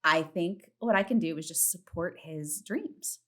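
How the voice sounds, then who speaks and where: A woman in her thirties hosting a casual solo podcast from home, chatty and candid, swearing freely and acting out her self-talk in a high voice. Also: unhurried, a bit bright. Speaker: podcast host. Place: home, partner in the next room.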